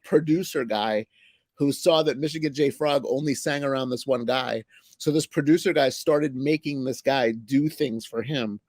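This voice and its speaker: A man's voice: medium pitch, darkish tone, dry recording. A man who works as a comic book editor, chatting casually, rambling and laughing as he tells jokes. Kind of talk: casual chat.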